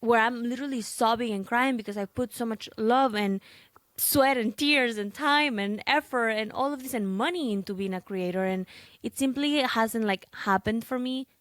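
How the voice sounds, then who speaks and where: A woman's voice: on the high side, moderate pace, a bit bright, no echo. Young woman podcaster just chatting away, lots of like and okay, dead dry mic sound. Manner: talkative, full of fillers and asides like "okay?". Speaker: podcast host and content creator. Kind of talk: casual chatty podcast monologue.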